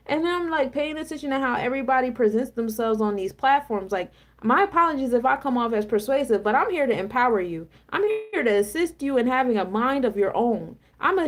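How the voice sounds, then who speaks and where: Blunt, profane woman giving a tarot reading. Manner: blunt, profane and preachy, swinging between low calm and loud emphatic. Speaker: tarot reader and spiritual coach. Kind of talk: casual livestream tarot reading.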